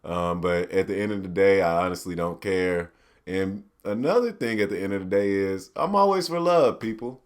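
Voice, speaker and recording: A man hosting a podcast, ranting casually in a profane, animated way and slipping into mock quotes. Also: sits low, moderate pace. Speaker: podcast host. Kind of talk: solo ranting commentary.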